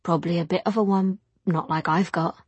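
A woman's voice: lowish voice, fairly even intonation, a little fast, a little mellow, husky, no echo, lo-fi sound. A woman narrator voicing a young Victorian housemaid who speaks plainly and cries, her voice cracking. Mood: frank, soothing. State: crying.

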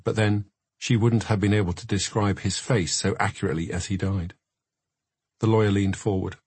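A man reads a memoir aloud in a measured, reflective way, his voice low and a little husky. The recording is dry and close, like a studio booth. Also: fairly even intonation, darkish tone, no room sound. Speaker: narrator. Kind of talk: memoir audiobook narration.

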